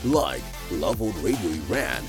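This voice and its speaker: A man's voice: low voice, big pitch swings, normal speed. A man reading a scripted radio promo in an upbeat, salesy voice-over. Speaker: radio announcer. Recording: voice-over over music.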